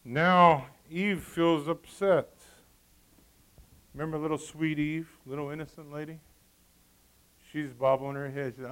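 A middle-aged man preaching a sermon, swinging between loud emphasis and quiet asides. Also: on the high side, fairly even intonation, measured pace, pauses often, poor audio.

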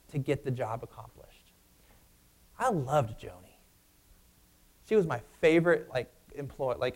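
Man preaching with animated storytelling. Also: medium pitch. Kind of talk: sermon with personal story.

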